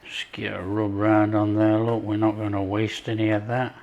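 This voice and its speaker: A man's voice: on the low side, normal speed, dull audio. A man hosting his own cooking show, chatting casually as he prepares a dish. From not France. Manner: chatty, relaxed, talks while working.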